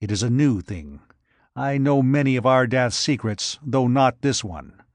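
A man's voice: mid-range voice, lively intonation, unhurried, dry recording, studio quality, close to an everyday voice. A man reading aloud, voicing a brutish, scheming giant who growls blunt, contemptuous lines. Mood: brooding.

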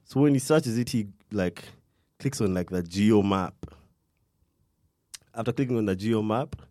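A man's voice: fairly low pitch, unhurried, dark tone, no echo, studio quality. A young man telling a true crime story in casual chat, rambling with slang and restarts, stopping now and then to cough. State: coughing fits.

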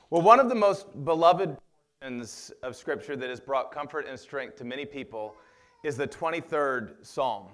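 A man preaching a sermon as pastor, energetic and emphatic. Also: on the high side, moderate pace.

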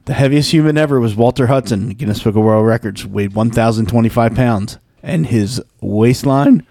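Guy hosting a podcast quiz, dry close mic, reads stuff fast. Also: medium pitch, warm tone, no room sound. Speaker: podcast host running a quiz segment. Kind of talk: casual podcast banter.

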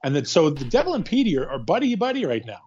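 A man co-hosting a casual chat about a movie, retelling scenes in a rambling, animated way with quick quoted asides. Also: on the high side, slightly rough. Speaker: podcast co-host. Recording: dull lo-fi sound.

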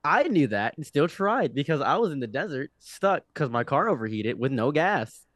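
Podcast guest, man in his 20s, animated rambling storyteller, lively pitch, dry close recording. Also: normal speed, no echo. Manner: animated, rambling, frequent restarts. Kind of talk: casual storytelling.

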